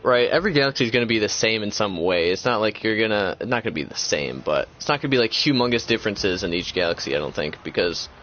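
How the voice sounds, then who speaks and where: This young man hosts a gaming chat in a lowish but fairly bright voice, talking fast and expressively with few pauses while he rambles, circles back, and restarts amid many fillers. Slight background noise sits under a dull, lo-fi recording.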